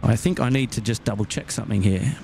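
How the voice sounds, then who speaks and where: A man's voice: on the low side, fast talker, darkish tone. A middle-aged Australian man hosting a live stream outdoors at night, reading viewer messages with many "uh" fillers and cheery thanks. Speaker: livestream host. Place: outdoors at an airport at night, windy. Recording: outdoor noise, wind and traffic.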